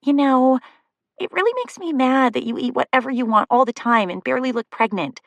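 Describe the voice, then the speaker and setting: A woman voicing a fond, gently teasing female friend in an audiobook. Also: sits high, a little fast, creaky, no echo, voice pushed up. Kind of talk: audiobook dialogue.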